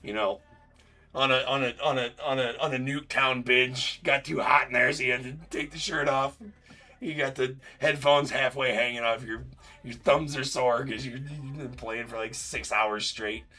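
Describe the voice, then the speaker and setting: This live card break stream host is a man whose mid-range voice is steady, pushed and bright, at a moderate pace. He keeps up loose, rambling banter, teasing chat viewers, laughing a lot, and using filler words often.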